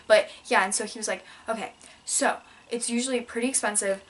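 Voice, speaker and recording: A young woman vlogging at home, rambling through her haul with a deadpan tone and lots of "like" and "um". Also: medium pitch, fast talker, slight background noise. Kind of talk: casual haul vlog, rambling story time. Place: indoors at home in front of a backdrop.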